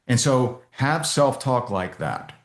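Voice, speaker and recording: A man coaching a team on a video call, telling stories with lively restarts and repeats. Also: medium pitch, slow pace, echoey room. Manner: animated storytelling with many restarts. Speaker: business coach.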